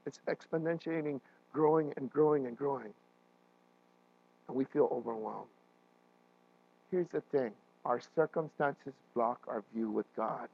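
A man preaching a sermon as a pastor, animated and often checking in with his listeners, with frequent restarts and fillers. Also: medium pitch, unhurried, creaky, pauses often, phone-quality sound.

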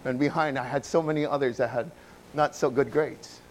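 A man from Hawaii preaches a sermon built around his own story, moving between loud bursts and hushed passages. His voice sits at a medium pitch with a steady tone, he talks fairly quickly, and the recording is rough.

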